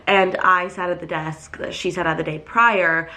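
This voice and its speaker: A woman's voice: fairly low pitch, normal speed, slight background noise. A woman in her twenties, congested and sick, ranting in a casual vlog with lots of filler words. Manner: animated, ranting, filler-heavy. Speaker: vlogger. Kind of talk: casual vlog talk to camera.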